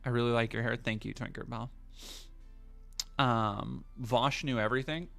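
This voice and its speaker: Male streamer, casual and profane, stops and restarts a lot, average pitch. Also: steady tone, moderate pace, creaky, a bit bright, faint music behind. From United States. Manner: rambling, profane, many fillers and restarts. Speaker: livestream host. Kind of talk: casual livestream commentary.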